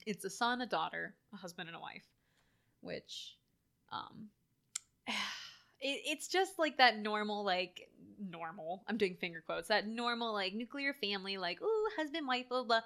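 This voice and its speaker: A woman with a bright, fairly high voice co-hosts a relaxed conversation. She talks in an animated way with many filler words and acts out quoted lines as she goes. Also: normal speed. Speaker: podcast co-host. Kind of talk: casual chat reviewing a horror film.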